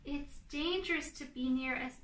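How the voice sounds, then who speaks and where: A woman voicing a protective mother fox in a storybook, speaking in calm, measured warnings. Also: high voice, reverberant, far from the mic. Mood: serious.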